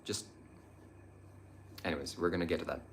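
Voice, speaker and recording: Young male live-stream host, low-pitched, earnest, meandering delivery full of ums. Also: moderate pace, a little hiss or hum. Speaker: livestream host answering viewer chat. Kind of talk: casual live-stream talk on spirituality.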